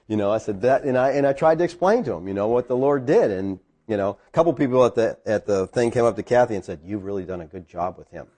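A middle-aged man, a pastor, telling a personal story in a sermon and rising high when he gets excited.

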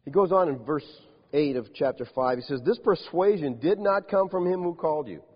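A man preaching a sermon, emphatic and animated, firing off rhetorical questions to his congregation. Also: on the high side, fairly quick, husky. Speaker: pastor. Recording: dull lo-fi sound with long hall reverb.

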